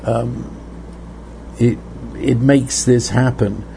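A man preaching a sermon in an earnest way, repeating words and slowing down for emphasis. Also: mid-range voice, steady tone, creaky, mellow, a little hiss or hum.

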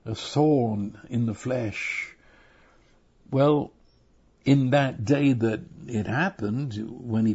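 Older male preacher with a gravelly voice. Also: medium pitch, a little mellow. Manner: earnest, halting, repeats words often. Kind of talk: sermon. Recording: dull lo-fi recording.

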